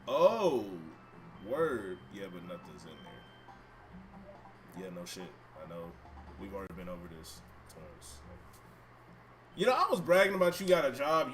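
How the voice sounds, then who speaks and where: A man's voice: fairly low pitch, wildly swooping pitch, a little slow, pauses often, slight background noise. A man streaming himself playing a video game from a room at home, chatting and bantering with his viewers and swearing freely. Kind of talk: casual live-stream chat while playing. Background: game music.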